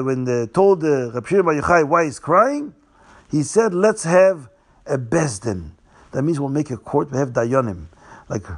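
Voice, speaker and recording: Male storyteller, slightly higher pitch; repeats and restates, slows for dramatic beats. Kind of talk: telling a Hasidic tale.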